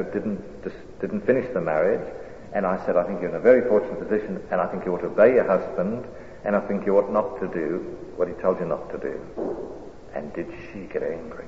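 Male preacher, low voice, animated storytelling; dull lo-fi recording in a reverberant hall. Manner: animated storyteller, swells loud on climaxes. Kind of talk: sermon storytelling. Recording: echoey hall, dull lo-fi sound, faint hiss.

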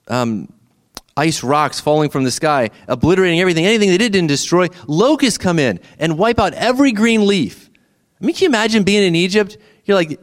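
A middle-aged man, preaching a sermon in a conversational way and asking the listeners questions. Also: on the high side. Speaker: pastor.

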